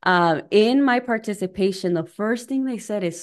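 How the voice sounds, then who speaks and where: A woman's voice: medium pitch, normal speed, few pauses. A young woman coaching and hosting a conversational webinar, chatty and personal, slipping in Spanish phrases, speaking into a computer mic on a video call. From United States, Mexican family. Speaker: coach and workshop host.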